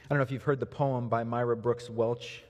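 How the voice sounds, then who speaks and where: A man pastor preaching a sermon in a church, earnest, moving from soft low passages to lifted emphasis. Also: fairly even intonation, brisk, highs cut off. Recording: reverberant hall.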